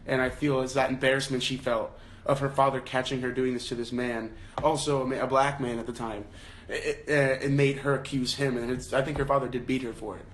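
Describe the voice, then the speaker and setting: A man's voice: mid-range voice, flat delivery, brisk, slight background noise. Young man hosting a casual book chat. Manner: thinks aloud with many restarts and fillers; reads quoted lines in a raised acted voice. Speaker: book club host. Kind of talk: casual livestream book discussion. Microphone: phone.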